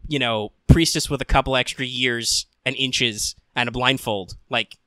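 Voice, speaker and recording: A young man co-hosting a casual podcast, rambling about an anime with plenty of swearing and deadpan quoted lines. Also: medium pitch, unhurried, no echo. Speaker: podcast co-host.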